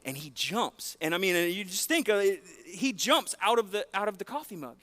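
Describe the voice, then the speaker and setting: Man preaching in church, bright forceful voice, rambling animated storyteller, lots of ums. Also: high-pitched, normal speed. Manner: animated, self-deprecating storyteller with many fillers. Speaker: pastor. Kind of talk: sermon storytelling. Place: church sanctuary.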